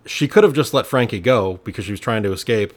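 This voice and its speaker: A man's voice: lowish voice, lively intonation, fast. A man in a casual film review chat, blunt and swearing, poking fun at the characters. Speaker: podcast co-host.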